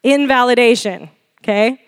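A woman in her forties preaching a sermon, animated and laughing often as she questions the congregation. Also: on the high side, normal speed, smooth, no echo, clean studio sound. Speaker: pastor.

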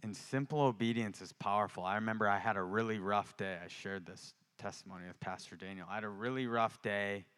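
A man preaching to a congregation with a bright, forceful voice that rings crisp and smooth. He tells his testimony in a loose, conversational way, then presses the listeners with fervent calls to act. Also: fairly low pitch, a little fast, hardly any pauses. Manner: conversational storytelling building to fervent exhortation. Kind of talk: sermon with personal testimony.

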